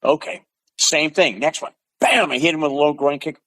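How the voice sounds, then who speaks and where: A man's voice: a little high, fairly quick, no echo, poor audio. Older man telling punchy stories. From Pacific Northwest, USA. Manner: animated, punches stories with sound effects. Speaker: podcast guest. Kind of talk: storytelling in conversation.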